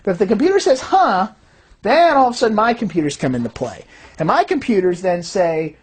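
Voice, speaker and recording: Husky-voiced woman giving a lively explanatory talk and acting out the voices she quotes. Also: medium pitch, fairly quick. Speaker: fraud detection systems designer.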